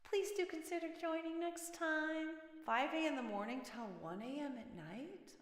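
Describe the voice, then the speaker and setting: A woman's voice: sits high, expressive, measured pace, hardly any pauses, echoey room, long reverb tail. A woman hosting a music livestream, chatting casually and reacting aloud to viewers' messages.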